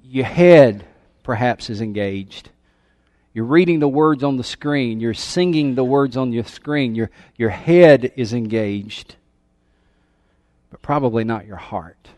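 A man's voice: mid-range voice, unhurried, a little mellow, no room sound. A male pastor preaching a sermon with emphasis, calling out questions to his congregation. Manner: emphatic, calls for congregation response. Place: church sanctuary.

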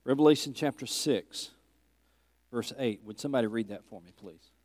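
Man, Bible teacher, mid-pitched, emphatic and questioning, close dry sound. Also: normal speed, a little mellow, no echo. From Tennessee. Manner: earnest, emphatic, questions the class.

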